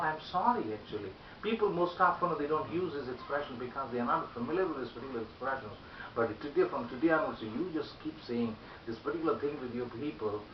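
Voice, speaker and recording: A man teaching communication skills, demonstrating polite phrases again and again in a lively voice and repeating them for practice. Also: on the high side. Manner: animated, repeats example phrases loudly and often. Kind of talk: spoken English lesson. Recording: echoey room, distant mic, dull hiss.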